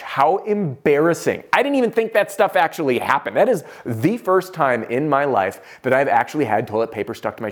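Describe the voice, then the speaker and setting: A man teaching sales, telling a self-deprecating story in an animated, conversational way. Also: mid-range voice. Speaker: sales trainer.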